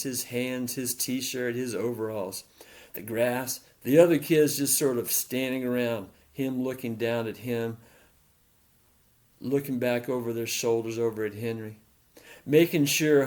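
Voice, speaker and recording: A man reading his own short story aloud in a slow, deliberate and repetitive way, lingering on each detail. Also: medium pitch, a little mellow.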